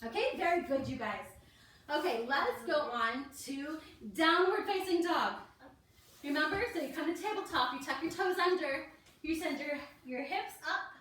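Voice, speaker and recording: A woman's voice: high voice, animated, normal speed, fairly bright tone, distant mic. A woman teaching a kids yoga class, encouraging and talking the children through each pose step by step. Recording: echoey room, voice from off the mic.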